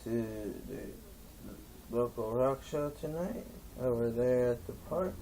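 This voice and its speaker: A man voicing a group of young women in a stand-up story, in a lilting, higher voice. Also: slow, mellow, a little hiss or hum, rough recording. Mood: teasing.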